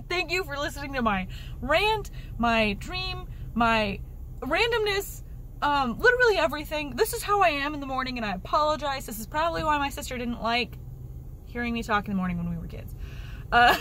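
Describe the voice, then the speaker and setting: A woman's voice: high-pitched, a bit bright, a little hiss or hum. A woman vlogging from her car as she drives, rambling in a casual monologue and laughing often. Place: in a car while driving.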